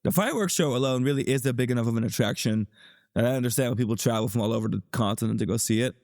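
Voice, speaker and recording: A man with an American accent co-hosting a podcast in relaxed, joking casual chat. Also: mid-range voice, racing. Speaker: podcast co-host.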